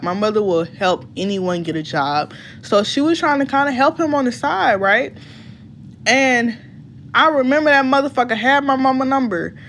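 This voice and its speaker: Animated woman telling a story. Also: slight background noise. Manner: animated, voice jumps high when she gets heated; blunt and profane. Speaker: storytime vlogger. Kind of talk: casual storytelling.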